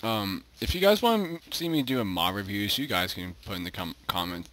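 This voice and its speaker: A man's voice: lowish voice, lively intonation, fairly quick, fairly bright tone. A man giving casual let's-play commentary as a gaming YouTuber, goofy and chatting to the animals in the game.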